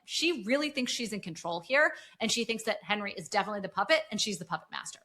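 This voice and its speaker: A woman's voice: mid-range voice, animated, fast, few pauses, bright, forceful tone. A woman co-hosting a podcast, analysing characters and themes in casual talk with "like" fillers. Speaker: podcast co-host. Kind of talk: casual discussion.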